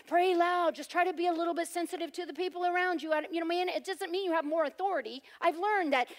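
High-voiced, loud woman preacher. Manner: loud, emphatic preaching with playful humor. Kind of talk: sermon.

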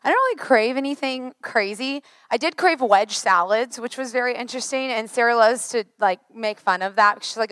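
A woman in her thirties preaching a sermon, chatty and joking, her voice a little worn and hoarse. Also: on the high side, moderate pace, hardly any pauses, no echo. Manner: chatty, joking, lively asides. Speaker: pastor.

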